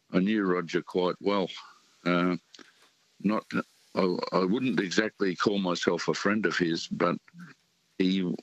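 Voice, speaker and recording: Older Australian man, deep and muffled. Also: no room sound. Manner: halting, many fillers. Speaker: caller. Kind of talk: casual radio call-in chat. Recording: muffled phone line.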